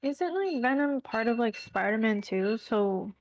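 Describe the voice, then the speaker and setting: A woman's voice: fairly high pitch, animated, a little slow, slight background noise, poor audio. A woman co-hosting a casual podcast, speaking hesitantly and asking questions. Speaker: co-host.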